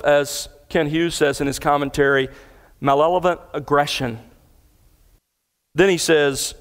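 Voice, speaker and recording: A middle-aged man delivers an emphatic expository sermon, his voice sitting slightly high for a man. He works through scripture verse by verse with steady, earnest emphasis. His words ring out with the long reverb of a large church hall. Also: unhurried, long pauses. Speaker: pastor.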